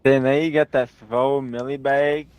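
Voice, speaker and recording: A man's voice: medium pitch, level tone, a little slow, a little mellow, a little hiss or hum. A man on a squad voice chat, joking and asking about loot in giggly, upbeat banter. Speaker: squad mate. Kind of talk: casual gaming chat.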